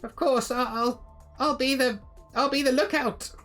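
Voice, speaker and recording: A jittery little mechanical creature with a squeaky high voice stammers his thanks with deep deference, as a woman acts him out. He sounds earnest and eager to please, tripping over his own words in a fantasy tabletop game. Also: fairly even intonation, unhurried, a bit bright, soft background music. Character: nervous polite little clockwork creature, male.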